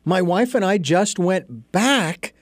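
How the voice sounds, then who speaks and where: A man hosting an interview, talking conversationally and tagging his points with a quick "okay?". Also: high-pitched, animated, no echo, clean studio sound. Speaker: interview host. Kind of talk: casual podcast conversation.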